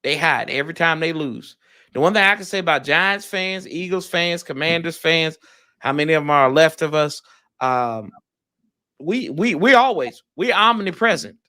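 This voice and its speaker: A man trading casual, teasing trash talk about football on a live stream, with bursts of loud outrage. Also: a little high, animated, normal speed. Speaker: rival fan guest. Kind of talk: casual sports debate.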